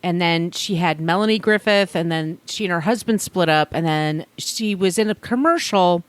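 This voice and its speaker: A woman's voice: on the low side, moderate pace, clean tone, no room sound. A woman hosting a podcast, chatting casually and telling stories in a loose, rambling way with asides. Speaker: podcast host. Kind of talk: casual chat, storytelling.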